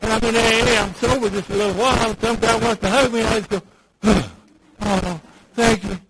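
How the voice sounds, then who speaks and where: A man giving a personal storytelling speech at a recovery meeting, dropping to near-whispers and then building loud. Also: sits high, steady tone, quick pace, gravelly, noisy background. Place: meeting room with audience.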